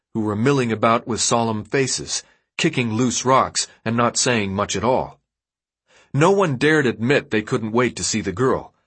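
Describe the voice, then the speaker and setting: A man reading an audiobook as narrator, in steady, even storytelling. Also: on the low side, breathy edge. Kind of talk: scripted narration.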